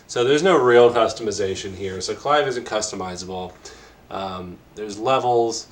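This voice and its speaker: A man's voice: fairly low pitch, moderate pace, slight background noise. A man co-hosting a casual game discussion, rambling and hesitant, with many fillers and restarts. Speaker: podcast co-host. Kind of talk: casual conversation about games.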